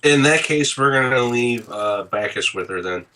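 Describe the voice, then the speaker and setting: A man from Michigan jokes and teases his friends at a tabletop game. His voice is very bright and sits in a middle pitch. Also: animated, normal speed, slight background noise. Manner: joking, teasing. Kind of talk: casual chat at a tabletop game.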